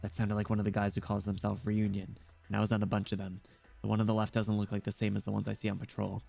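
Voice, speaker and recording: A man reading aloud, voicing a frightened young female student who hides from guards, murmuring her thoughts in a hushed, anxious way. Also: lowish voice, completely flat delivery, fast talker, creaky, soft background music. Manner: hushed, anxious inner monologue.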